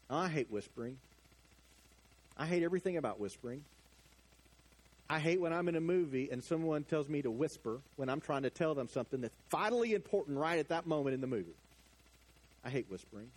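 A middle-aged man preaching a sermon, animated, swinging from hushed asides to loud emphatic lines. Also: a little high. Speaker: pastor.

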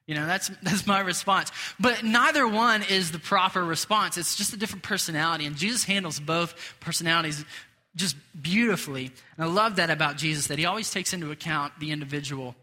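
A man's voice: sits high, bright, forceful tone. A man preaching a casual, chatty sermon with self-deprecating asides, in a church. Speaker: pastor. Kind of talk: conversational sermon. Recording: long reverb of a large hall.

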